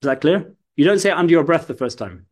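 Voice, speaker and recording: A man leading a religious lesson, talking quickly in a voice that sits a little high. He explains patiently, point by point, and now and then stops to demonstrate a call aloud. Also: lively intonation. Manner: explains step by step, demonstrates chanted calls. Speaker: Islamic studies teacher.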